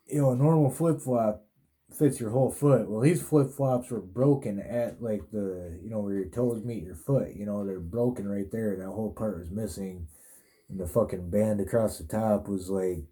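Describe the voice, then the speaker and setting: Brief: male podcast host, low and very mellow, profane, laid-back rambling storyteller. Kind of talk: casual storytelling monologue.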